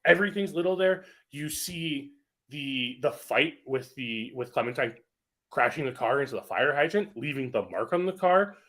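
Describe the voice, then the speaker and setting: Young podcast guy, bright voice, excited, does little quote voices. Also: mid-range voice, moderate pace. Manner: enthusiastic, quotes others in voices. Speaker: podcast co-host. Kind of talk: casual movie chat.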